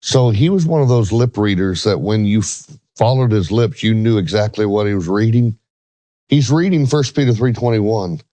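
A man's voice: on the low side, normal speed, mellow, dry recording. A middle-aged man earnestly telling a church story, emphatic when quoting others. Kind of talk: storytelling in a religious talk show.

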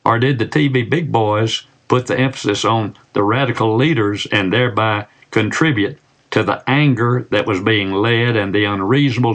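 Older male commentator, lowish voice, emphatic and deliberate, full of rhetorical questions. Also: a bit bright. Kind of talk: scripted opinion commentary.

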